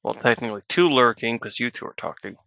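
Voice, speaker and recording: A man chatting casually on a live stream from his home at night, slow and wry, laughing between remarks. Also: medium pitch, vocal fry, pushed and bright, no echo.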